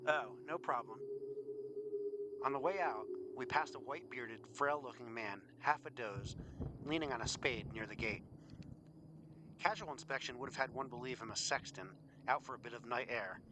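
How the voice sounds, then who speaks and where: A man narrating a first-person audiobook in a measured, dryly wry manner. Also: mid-range voice. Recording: audiobook with clear background hiss.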